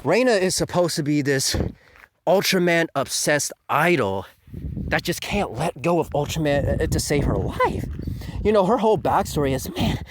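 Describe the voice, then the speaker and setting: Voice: mid-range voice, animated, moderate pace, noisy background. A manga reviewer ranting casually, profane and scornful, tossing in "man" at nearly every turn. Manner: profane, scornful, says 'man' constantly.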